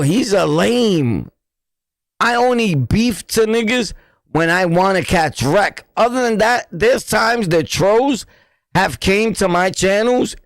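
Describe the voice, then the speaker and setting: A man's voice: on the high side, creaky, no echo. A man with a New York accent hosting a casual livestream, talking bluntly in repetitive street slang. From New York City. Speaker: livestream host.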